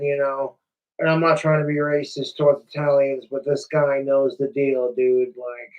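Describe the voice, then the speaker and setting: Casual male streamer, rambling and profane, slightly high voice, a bit off-mic. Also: far from the mic, low-quality recording. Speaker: livestreamer. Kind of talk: casual livestream chat.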